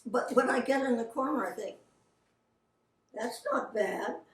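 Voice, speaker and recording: A woman's voice: fairly high pitch, measured pace. An older woman, a voice actress, telling anecdotes in a chatty, casual way and quoting the people in her stories. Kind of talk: casual storytelling. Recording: roomy, from a distance.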